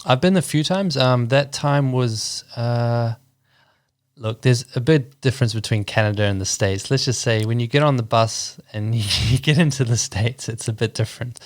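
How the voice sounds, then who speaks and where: A man in his thirties from New Zealand with a New Zealand accent, a guest architect chatting casually in an interview with relaxed, hesitant speech full of ums. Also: mid-range voice, moderate pace, no room sound, studio quality.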